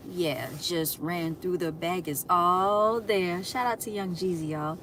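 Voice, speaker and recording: A woman's voice: on the low side, animated, takes it slowly, slight background noise. A woman hosting a casual livestream, chatting to her viewers, laughing often and calling them y'all. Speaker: livestream host.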